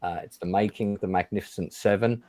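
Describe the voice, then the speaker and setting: A man's voice: lowish voice, steady tone, fast talker, mellow, dry recording. Chatty man hosting a stream. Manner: chatty, stumbling, many fillers and restarts. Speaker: host. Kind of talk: casual livestream chat show.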